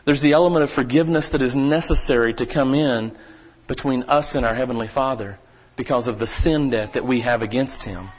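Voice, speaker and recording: A man preaching a sermon as pastor, folksy and talking straight to the congregation, his voice swelling at times into near-shouting. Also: medium pitch, a little fast, few pauses, muffled recording. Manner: preaching with sudden rises to shouting; folksy, addresses the congregation directly.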